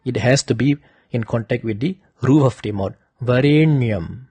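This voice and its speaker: A man slowly giving a lesson, carefully demonstrating correct pronunciation. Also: medium pitch, dark tone, husky, no echo. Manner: slow and deliberate, demonstrating pronunciations. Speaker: teacher of Vedic chanting. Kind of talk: instructional talk.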